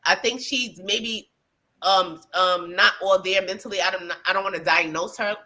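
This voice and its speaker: Gossip show co-host, woman, bright tone, chatty and profane, full of fillers. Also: medium pitch, normal speed. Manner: animated, profane storytelling with many fillers. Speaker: podcast co-host. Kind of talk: casual gossip chat.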